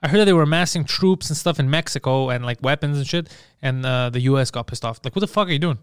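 A man's voice: medium pitch, clean tone, no echo, clean studio sound. A man co-hosting a podcast, chatting casually and comically, often slipping into mock voices. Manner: animated, quick, slips into mock voices for jokes. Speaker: podcast co-host. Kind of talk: casual comedic chat.

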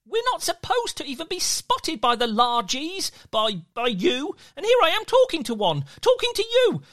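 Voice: huge pitch swings, normal speed, fairly bright tone, no echo, clean studio sound, exaggerated voice. A storyteller voicing a tiny, nervous boy from a hidden little folk in a children's story, stammering and anxious. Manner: stammering, anxious, high and breathless.

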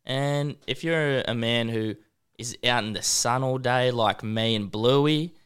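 A man delivers an absurd argument in a mock-serious way. His voice is smooth and resonant, and his pitch sits in the middle. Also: slow pace, fairly bright tone. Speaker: podcast co-host.

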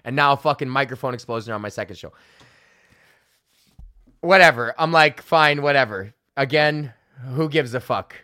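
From his home office, a comedian in his thirties spins a swear-heavy story for his own podcast, animatedly voicing the people he quotes. He speaks at medium pitch and normal speed with frequent pauses, in studio quality with no room sound.

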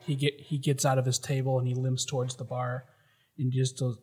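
A man's voice: medium pitch, little pitch movement, brisk, a little mellow. A man playing a tabletop game, describing his character in a casual, offhand way. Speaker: player.

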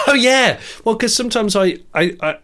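A man's voice: sits high, expressive, moderate pace, pushed and bright. A man co-hosting a podcast, telling casual, rambling anecdotes with frequent restarts and chuckles. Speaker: podcast co-host. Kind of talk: casual chat.

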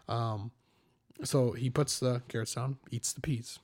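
Animated young man telling stories. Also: medium pitch, a little fast. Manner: animated storyteller, self-deprecating, laughs often. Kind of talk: casual faith discussion.

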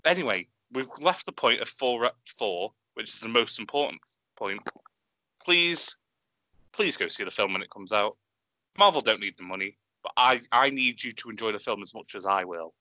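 A man with a bright, forceful voice, talking fast and eagerly. The sound is close and dry, with no room around it. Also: on the low side, dry recording. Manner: excitable, swearing, animated. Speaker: podcast co-host. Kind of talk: enthusiastic casual chat.

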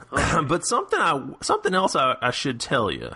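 A man's voice: a little high, huge pitch swings, moderate pace, bright, forceful tone, breathy edge, heavily acted. A man voicing a rustic villager in a put-on Southern US drawl, rambling in a roundabout, folksy way, in a tabletop role-play.

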